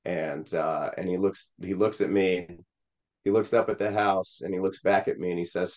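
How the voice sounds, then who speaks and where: A man from Missouri with a low voice tells a personal story as a guest in an interview. He speaks earnestly, with plenty of restarts and fillers as he goes. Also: fairly even intonation, normal speed, darkish tone, highs cut off. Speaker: political candidate, guest.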